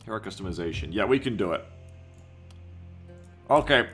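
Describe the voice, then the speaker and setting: A man's voice: lowish voice, expressive, moderate pace, a bit bright. Casual streamer guy chatting with chat, swears a bit, faint music behind. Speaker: game streamer. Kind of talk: casual livestream commentary.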